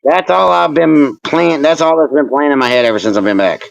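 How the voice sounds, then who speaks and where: A man's voice: on the high side, a little fast, creaky, dry recording, muffled recording. A man who is a wrestling manager and referee, talking as a guest in a casual interview, ranting and teasing with constant swearing. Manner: animated, swearing, teasing ranter. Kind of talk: casual profane interview chat.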